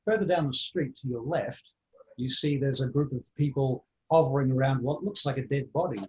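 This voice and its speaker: A man's voice: mid-range voice, brisk, a little mellow, rough recording. A man running a tabletop game as dungeon master, narrating and thinking aloud with many fillers.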